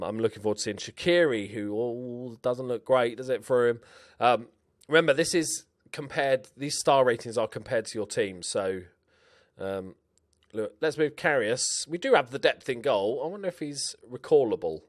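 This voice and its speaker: A man's voice: medium pitch, expressive, moderate pace. Cheeky Scouse man chatting over a game. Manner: chatty, cheeky, swears casually. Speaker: gaming YouTuber. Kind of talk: casual video game commentary.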